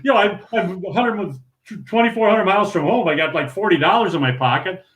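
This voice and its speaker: An older man from Minnesota, a guest on a podcast who spins rambling anecdotes, tripping over restarts and chuckling as he goes. His voice sits a little high for a man. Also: brisk, fairly bright tone. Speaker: interview guest, retired pro bowler. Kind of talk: casual storytelling in a podcast interview.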